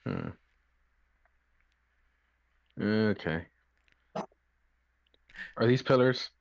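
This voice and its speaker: A man's voice: lowish voice, huge pitch swings, extremely slow, creaky, highs cut off. A man playing a tabletop game, asking hesitant questions with lots of "uh". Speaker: player. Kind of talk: casual tabletop game chat.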